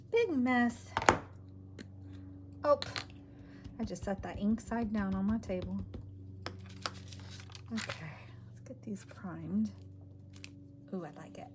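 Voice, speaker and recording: In this casual crafting commentary, a woman with a mid-range voice talks to herself at a moderate pace, leaving long pauses. She thinks aloud while working, trailing off and muttering. Background noise is audible.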